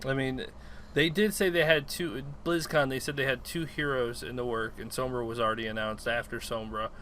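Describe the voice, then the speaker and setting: A man's voice: mid-range voice, steady tone, fairly quick, bright, forceful tone, a little hiss or hum. A man co-hosting a podcast in casual chat, easygoing and giving his opinions. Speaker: podcast co-host.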